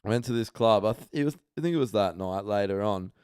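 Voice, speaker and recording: An Australian man telling animated, profanity-laced anecdotes on a casual podcast. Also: on the low side, quick pace, clear, resonant tone, no room sound, clean studio sound. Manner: swears a lot, animated anecdotes. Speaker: podcast host.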